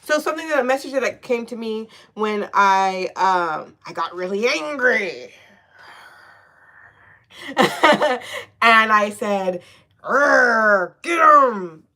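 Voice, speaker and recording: A woman gives a casual tarot reading in an average-pitched voice. She talks in sassy, slangy bursts, swears freely and keeps reassuring the listener, checking in with "okay?" again and again. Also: animated, slow, long pauses, sharp tone. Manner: sassy, slangy and profane, with frequent "okay?" and laughs; encouraging and affirming. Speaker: tarot reader.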